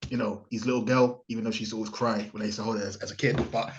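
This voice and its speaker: A man with a British accent, a wrestler guest, speaking in a halting way with laughs between phrases. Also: lowish voice, flat delivery, lo-fi sound, very noisy. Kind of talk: casual interview chat.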